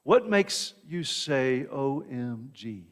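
A man's voice: mid-range voice, sing-song, slow pace. A man preaching a sermon in a conversational way, often checking in with the congregation and repeating words as he goes. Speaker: pastor. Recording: long reverb of a hall.

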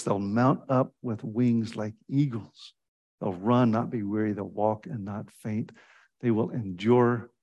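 A man preaches a sermon with a mid-range voice, talking in a loose, conversational way. He leaps upward in pitch when he acts out what people said, then drops back low and soft. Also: breathy edge. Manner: animated storytelling with sudden pitch jumps when quoting; fillers and restarts, conversational preaching.

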